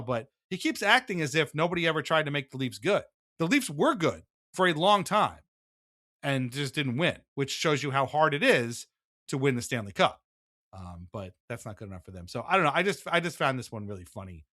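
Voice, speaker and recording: A man co-hosting a casual sports podcast, talking in an animated way with quick asides and frequent laughs. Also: on the high side, no room sound, studio quality. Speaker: podcast co-host.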